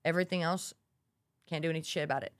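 A woman's voice: sits low, steady tone, fast talker, no echo, studio quality. A young woman who is a college student co-hosting a podcast, chatting casually and acting out the quotes in her stories. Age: young adult. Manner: chatty storyteller, acts out quotes. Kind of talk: casual chat.

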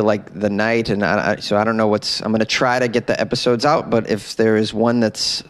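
A man's voice: fairly low pitch, no room sound. A man hosting a comedic news podcast, joking and rambling with self-mocking asides. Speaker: podcast host.

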